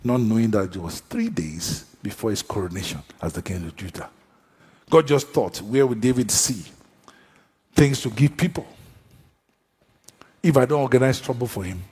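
A man preaching a sermon at a church service. His delivery swings between shouted calls and low, drawn-out phrases. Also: animated, slightly rough. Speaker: pastor. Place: church service with a seated congregation. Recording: long echo of a large hall.

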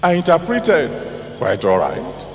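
Man preaching, dramatic swings in pitch and volume, unhurried, heard from a distance in a reverberant hall. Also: wildly swooping pitch, darkish tone, a little hiss or hum. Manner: dramatic, swings from low asides to raised exclamations. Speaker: pastor. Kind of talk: sermon. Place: large church hall.

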